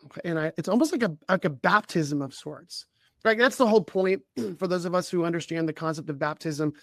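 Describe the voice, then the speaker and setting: A man who coaches leaders and co-hosts a podcast tells a personal anecdote in conversation, his pitch a little above most men's. The recording is dry and close, free of room echo, and he stumbles along, restarting sentences and clearing his throat repeatedly.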